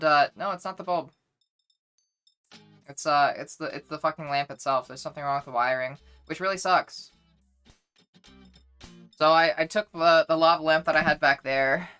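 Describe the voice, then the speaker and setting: A woman streams and chats loosely with her viewers in a low, bright voice, circling back and restarting her sentences as she rambles. Soft music plays faintly behind her. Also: clear, resonant tone. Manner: chatty, rambling, frequent restarts. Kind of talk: casual live-stream chat with viewers.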